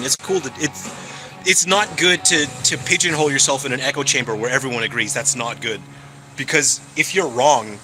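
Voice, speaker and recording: A man's voice: on the high side, bright, forceful tone, low-quality recording. A man chatting casually and cheerfully on a live stream, answering his viewers as he goes. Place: hangout spot in California.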